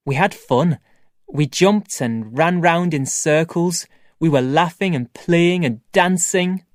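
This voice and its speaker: A reader narrating a first-person graded-reader story for language learners, reading slowly and clearly. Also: mid-range voice, expressive, dry recording, studio quality. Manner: slow, clear, carefully paced reading. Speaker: audiobook reader.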